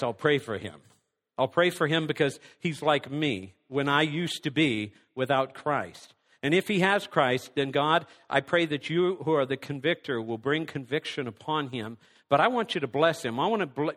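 A male pastor with a high voice preaches a fervent, conversational sermon. He swings between loud appeals and hushed prayer. A long hall reverb trails every line.

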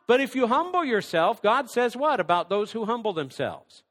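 A man's voice: extremely high pitch, big pitch swings, normal speed, hardly any pauses, fairly bright tone, big-room sound. A man preaching a sermon, reading scripture aloud and then working through numbered points, sometimes dropping almost to a whisper. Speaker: pastor.

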